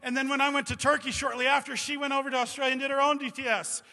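A man's voice: very high voice, little pitch movement, racing, sharp tone. A man in his forties, a missionary preacher giving a sermon in a loose, rambling way, full of "you know" and "like.". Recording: reverberant hall.

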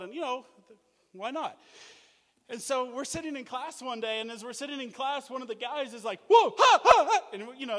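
A man from Australia preaching a sermon, energetic and jokey, telling stories and acting out what people said. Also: extremely high pitch, in a large hall. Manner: energetic, animated, jokey, acts out quotes. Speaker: guest preacher, mission leader. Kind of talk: sermon with storytelling. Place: church.

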